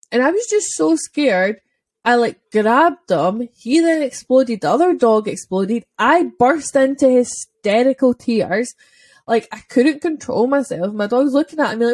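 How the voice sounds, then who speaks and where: A young Scottish woman chats casually on a podcast, her voice pitched a little high. She tells lively stories, slipping into quick voices and swearing freely. The sound is close and dry, with no room around her. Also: no room sound. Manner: animated storytelling, acting out voices, swearing. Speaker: podcast host, dog trainer. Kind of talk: casual chat.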